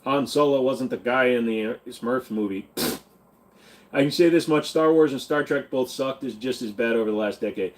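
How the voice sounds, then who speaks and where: A man's voice: medium pitch, normal speed. A man hosting a casual livestream who reads viewer comments aloud and answers them in a blunt, irreverent way. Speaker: livestream host reading chat.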